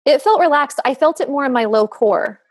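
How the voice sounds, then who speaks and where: Woman host, 30s, high lively voice, husky, playful casual chat. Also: brisk. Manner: playful, giggly, chatty. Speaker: podcast host.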